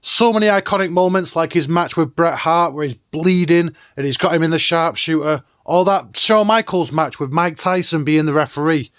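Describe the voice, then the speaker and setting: A man's voice: on the high side, moderate pace, few pauses, fairly bright tone, no room sound, clean studio sound. A man hosting a nostalgic countdown video in an enthusiastic, chatty way. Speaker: host.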